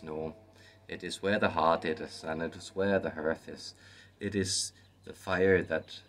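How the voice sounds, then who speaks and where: Guy channeling a low voiced spirit guide with a put-on irish accent, sing-songy, formal, lecturing. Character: male otherworldly spirit guide, wise and whimsical.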